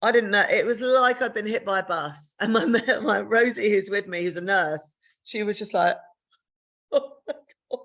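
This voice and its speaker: A woman's voice: normal speed, fairly bright tone. A middle-aged woman from the UK on a podcast, telling a personal story frankly, swearing freely and acting out dialogue. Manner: frank, swears freely, re-enacts dialogue with big pitch jumps. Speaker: podcast co-host sharing her story. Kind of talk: candid conversational storytelling.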